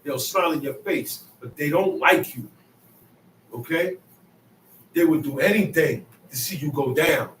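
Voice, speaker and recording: A man's voice: on the high side, measured pace, long pauses, fairly bright tone, a little hiss or hum. A man teaching scripture in an emphatic, conversational way, often repeating his phrases. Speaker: bible teacher. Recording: echoey room, mic at a distance.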